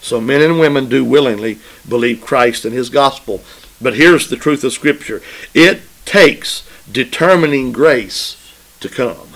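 A man's voice: mid-range voice, unhurried, fairly bright tone, rough recording. A man preaching a sermon, emphatic and repetitive, often asking his listeners "right?" in a call-and-response way. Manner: emphatic, repeats phrases for stress.

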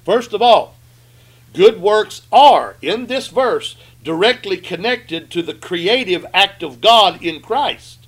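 A man preaching a sermon, emphatic, asking the congregation rhetorical questions and slowing down to read scripture. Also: high-pitched, fairly bright tone.

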